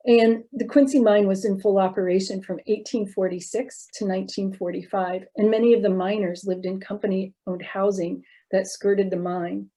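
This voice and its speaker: Mellow-voiced woman lecturing. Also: medium pitch, steady tone, normal speed, few pauses. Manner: explanatory, with frequent um and uh fillers. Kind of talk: slide presentation lecture. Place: recorded online talk.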